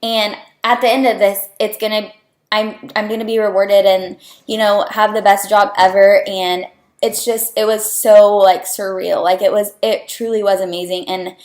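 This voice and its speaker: A woman's voice: medium pitch, steady tone, normal speed, darkish tone. Earnest young woman chatting in an echoey room. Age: young adult. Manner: chatty, earnest, heavy use of "like". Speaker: student on clinical rotation. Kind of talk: casual personal vlog. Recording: roomy echo.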